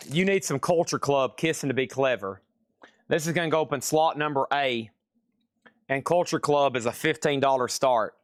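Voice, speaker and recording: A man of middling pitch hosts a live-stream vinyl sale, rattling off buyers' names, prices and record grades in an easy, chatty way. His voice sits close and dry, with no room sound around it. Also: moderate pace, dry recording. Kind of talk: casual live-stream auction patter. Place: record shop.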